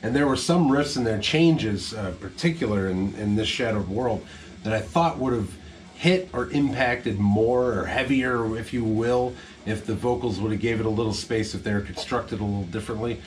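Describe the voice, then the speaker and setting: A man co-hosting a casual metal album review, talking in a relaxed, easygoing way. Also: lowish voice, moderate pace, a little hiss or hum.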